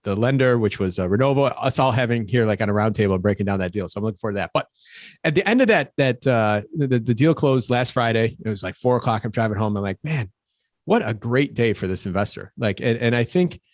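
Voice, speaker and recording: Fast-talking man on a podcast. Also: medium pitch, expressive, no echo, clean studio sound. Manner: quick, upbeat, repeats words while thinking. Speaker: podcast co-host. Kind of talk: casual podcast chat.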